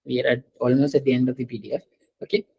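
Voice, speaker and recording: A woman's voice: rumbling low, level tone, very fast, creaky, mellow, breathy edge, rough recording. Patient female French tutor on a call. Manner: patient, repeats and checks with students. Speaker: French teacher. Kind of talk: online class teaching.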